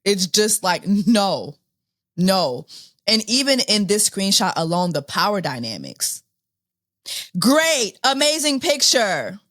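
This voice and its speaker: A woman in her thirties hosts a podcast of casual commentary, sounding exasperated and disbelieving as she repeats herself and laughs often. Her voice is on the low side, animated and measured, recorded dry with clean studio sound.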